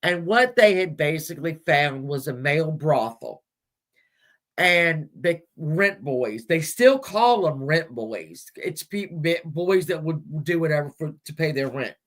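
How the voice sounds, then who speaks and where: A woman with a low-pitched, expressive and unhurried voice hosts a livestream, looking up images on screen while chatting about history with her viewers. She rambles, chuckles and makes crude asides.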